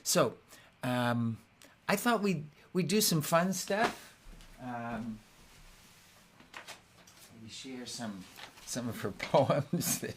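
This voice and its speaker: Guy hosting his own concert, talks real slow and soft, trips over words a lot, guitar going behind him. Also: on the high side. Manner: soft, halting and reflective, with many restarts. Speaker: singer-songwriter hosting a weekly concert. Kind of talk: casual spoken introduction between songs. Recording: guitar playing along in the background.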